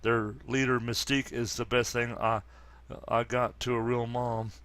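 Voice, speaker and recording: A man reading aloud the lines of a weary young superheroine in a flat, plain delivery, with few pauses. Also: medium pitch, clean tone, no echo, close to an everyday voice.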